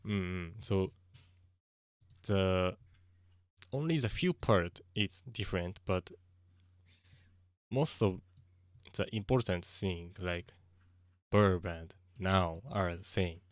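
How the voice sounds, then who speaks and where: Low voiced japanese guy on a stream, halting english, keeps restarting, mixes in japanese, dry close mic. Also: dry recording. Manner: hesitant, searching for English words, mixing in Japanese. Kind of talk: casual live-stream chat.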